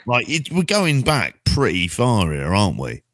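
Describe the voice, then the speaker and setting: A man's voice: fairly low pitch, wildly swooping pitch, a little slow, fairly bright tone, no room sound, studio quality. A man in a casual podcast chat, blunt and sarcastic, swearing freely.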